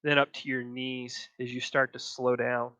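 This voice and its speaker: A man narrating a tabletop game as game master, slow and descriptive. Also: medium pitch, flat delivery, pushed and bright, clear, resonant tone, no room sound.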